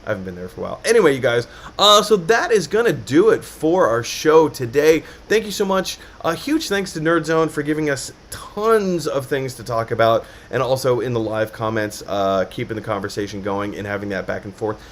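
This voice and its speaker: A man hosting a casual live-stream chat, animated and quick to laugh. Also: medium pitch. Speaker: host of a live show.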